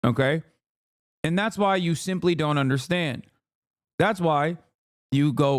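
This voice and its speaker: A man's voice: fairly high pitch, a little slow, pauses often, dry recording, studio quality. A man streaming live, ranting with heated, profane commentary on a clip he is reacting to.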